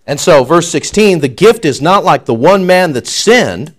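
A man preaching a sermon as pastor, jumping from loud declaiming to quiet asides and joking with the congregation. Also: on the high side, lively intonation, unhurried, hardly any pauses. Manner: jokes and banters with the congregation.

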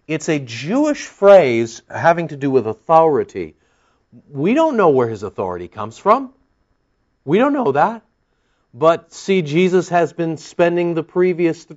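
A man's voice: a little high, darkish tone, dull audio. A man preaching an expository Bible-teaching sermon, emphatic and fond of rhetorical questions and pointed retorts.

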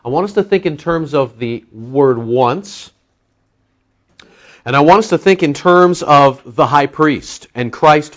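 Man teaching scripture, slow stresses, lo-fi. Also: mid-range voice. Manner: conversational, many fillers, slows to stress key words. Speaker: pastor teaching a Bible study. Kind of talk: expository sermon.

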